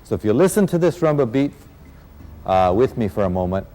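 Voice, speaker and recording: A man's voice: lowish voice, sing-song, fairly quick, dark tone. A man teaching dance in an instructional video, explaining technique and counting the beats aloud. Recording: reverberant hall with music playing.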